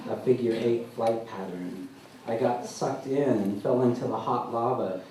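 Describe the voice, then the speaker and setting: A man as an author at a live literary reading, telling his story in a dry, deadpan way, recorded from far off in a large hall. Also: fairly low pitch. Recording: echoey hall, mic far off, faint noise.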